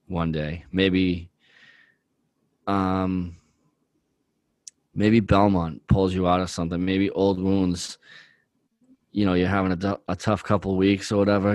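A man's voice: low voice, a little mellow, no room sound. A man co-hosting a podcast, talking earnestly in a rambling way with many fillers. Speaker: podcast co-host. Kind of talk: casual chat.

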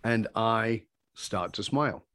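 A man being interviewed about his work teaching communication skills, telling stories in an animated, emphatic way that climbs to excited peaks. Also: fairly low pitch, takes it slowly, no echo, studio quality. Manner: energetic, emphatic, rising to excited peaks when retelling exchanges. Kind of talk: animated personal storytelling in conversation.

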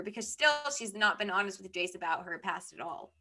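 A woman's voice: a little high, quick pace, hardly any pauses. Young woman casually retelling a story. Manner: relaxed storytelling, many fillers. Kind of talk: casual chat.

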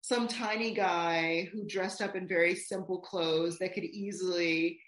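A woman's voice: fairly low pitch, fairly even intonation, unhurried, a bit bright. A woman joining a casual movie chat and making her points with emphasis. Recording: echoey room.

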